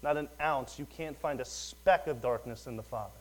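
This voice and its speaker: A man's voice: medium pitch, moderate pace, rough recording. Young man, casual lay preacher, rambling conversational sermon delivery. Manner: rambling, conversational, fillers and asides. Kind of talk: informal sermon.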